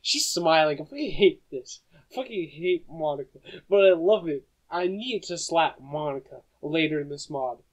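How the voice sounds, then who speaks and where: Excitable, foul-mouthed young man gaming. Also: on the high side, moderate pace, low-quality recording. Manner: excitable and profane, blurting reactions. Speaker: gamer. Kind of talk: let's play, reading a visual novel aloud.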